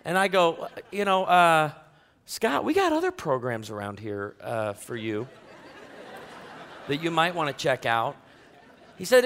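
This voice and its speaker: Joking pastor, bright tone, hall echo. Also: male voice, high-pitched, big pitch swings, normal speed. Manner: joking, self-deprecating, conversational; talks directly to the congregation. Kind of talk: sermon. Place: church sanctuary.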